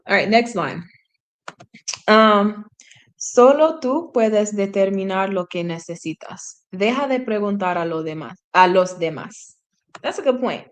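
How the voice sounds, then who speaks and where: Woman, mid-range voice; relaxed streamer reading lines aloud and translating, chatting and correcting herself as she goes. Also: mid-range voice, a little slow. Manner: chatty, self-correcting, laughs at herself, drops into sung snippets. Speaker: language learner streaming a reading session.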